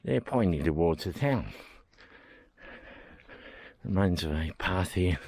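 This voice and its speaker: A man hosting a travel vlog, walking an overgrown historic site and thinking aloud with excited, rambling asides. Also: deep voice, takes it slowly, dry recording. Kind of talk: casual vlog commentary while walking. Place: outdoors, overgrown hillside.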